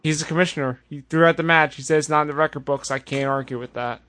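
Sarcastic man recapping with a slightly high voice. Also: quick pace. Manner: animated, sarcastic retelling with put-on voices. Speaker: podcast host. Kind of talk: casual wrestling recap chat.

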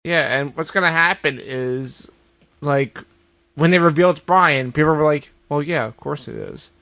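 A man co-hosting a casual wrestling podcast, riffing quickly and sounding exasperated. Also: fairly high pitch, sharp tone, no echo. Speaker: podcast co-host.

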